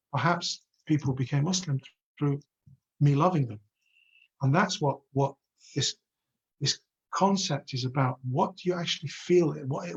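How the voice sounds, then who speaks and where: Earnest man, husky and lo-fi. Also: a little high. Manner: earnest, poses many rhetorical questions. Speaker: religious teacher. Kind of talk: live online religious lesson.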